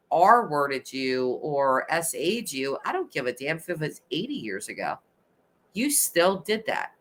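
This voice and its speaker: A woman's voice: sits low, sharp tone. A woman in her thirties hosting a casual livestream, reading chat aloud and ranting with passion, swearing now and then. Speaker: livestream host.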